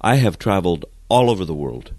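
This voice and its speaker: Lively man telling stories. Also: deep voice, a little fast, no echo. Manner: animated storyteller, swinging from loud to hushed. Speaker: guest, comedic storyteller. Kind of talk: casual interview chat.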